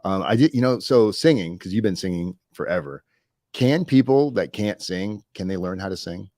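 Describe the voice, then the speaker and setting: Joking host with a very deep voice. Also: male voice, lively intonation, moderate pace, warm tone, dry recording, clean studio sound. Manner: joking, self-deprecating, addresses viewers as "guys". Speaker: podcast host. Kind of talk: casual interview chat.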